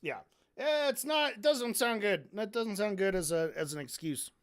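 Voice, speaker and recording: This streamer's voice sits at an ordinary middle pitch, and the delivery is loose and off the cuff. The host is sarcastic, swears a lot and keeps slipping into mocking impressions of the people being discussed. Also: animated, normal speed. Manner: sarcastic and heavily profane; mocks people by acting out their lines. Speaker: streamer analyzing debates. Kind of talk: casual stream commentary.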